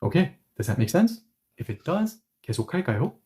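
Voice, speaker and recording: A man teaching a live language lesson, explaining grammar step by step and often correcting himself with quick apologies. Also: fairly high pitch, very animated, darkish tone.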